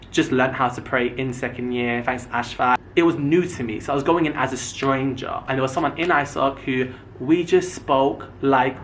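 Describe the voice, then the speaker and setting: A man's voice: mid-range voice, slight background noise. A man in his twenties, a YouTuber telling stories casually to camera and acting out the lines of the people in them. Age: 20s. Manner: animated, acts out quoted dialogue.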